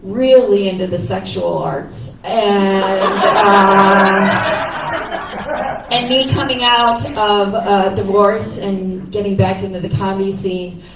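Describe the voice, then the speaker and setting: A woman's voice: medium pitch, steady tone, takes it slowly. A woman who is a stand-up comedian, giving a candid, joking eulogy on a cafe stage and laughing between lines. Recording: echoey room from far off, noisy.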